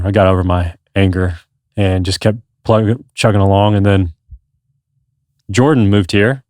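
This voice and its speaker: Earnest low-voiced man telling a story. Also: steady tone, normal speed, darkish tone, dry recording, studio quality. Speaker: podcast guest. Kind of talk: casual conversation.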